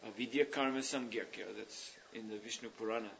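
A man's voice: lowish voice, fairly even intonation, brisk, creaky, a bit bright, slight background noise. Man teaching in a meandering, thoughtful way. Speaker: spiritual teacher leading a class. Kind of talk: explanatory religious discourse. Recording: dull lo-fi recording.

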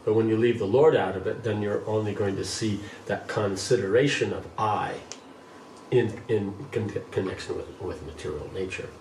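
A man's voice: on the low side, normal speed, darkish tone. Guy giving a scripture talk, reads then explains, echoey room, faint hum behind. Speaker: scripture class teacher. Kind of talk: scripture reading and commentary. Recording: roomy, distant mic, faint background.

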